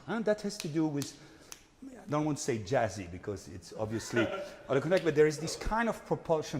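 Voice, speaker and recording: A man's voice: on the high side, a little fast, slight background noise. A man teaching an opera master class, scatting rhythms and singing phrases to show the singers what he wants. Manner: animated, scats rhythms and sings phrases to demonstrate. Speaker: vocal coach. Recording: reverberant hall.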